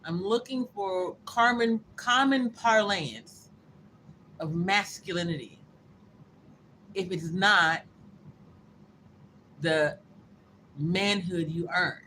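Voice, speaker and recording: A woman's voice: lowish voice, takes it slowly, pauses often, sharp tone, a little hiss or hum, low-quality recording. A woman hosting a casual livestream, reading viewer comments aloud and answering them bluntly, with profanity and joking asides. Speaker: livestream host.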